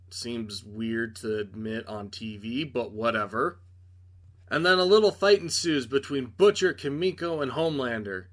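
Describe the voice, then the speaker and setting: A young man gives a casual, sarcastic review recap. His voice is bright and crisp, and his tone is exasperated and dismissive, with frequent shrugs of "whatever.". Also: medium pitch.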